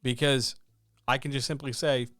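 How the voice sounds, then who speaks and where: A man's voice: mid-range voice, level tone, moderate pace, a bit bright, dry recording, clean studio sound. A man coaching writers in a casual, emphatic way, often asking rhetorical questions. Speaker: writing coach and editor. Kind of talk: casual instructional talk.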